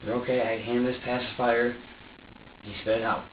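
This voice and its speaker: A man's voice: medium pitch, little pitch movement, narrow, tinny audio, slight background noise. Agitated man, distant echoey interrogation recording. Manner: agitated, swearing, halting with many restarts. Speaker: suspect in a police interrogation. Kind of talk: emotional confession. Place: police interrogation room.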